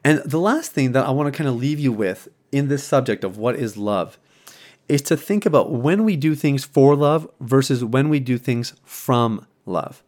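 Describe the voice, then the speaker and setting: A married adult man hosts a podcast, delivering a reflective, casual monologue at normal speed in an ordinary middle-pitched voice. Earnest and conversational, he thinks aloud, often tripping over and restarting phrases, with lots of ums.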